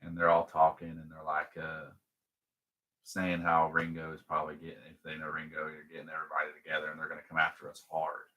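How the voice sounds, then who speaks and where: Man, deep voice, bright tone, podcast co-host, casual film recap, rambling with fillers. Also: fast. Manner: rambling, animated retelling full of fillers.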